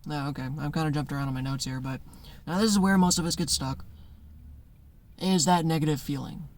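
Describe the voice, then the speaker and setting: Guy rambling through his notes, voice on the higher side, laughs a lot and does little voices in his stories. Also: steady tone, brisk. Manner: rambling and conversational, reading from notes; acts out voices in anecdotes, laughs often. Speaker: spiritual content creator. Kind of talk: casual monologue.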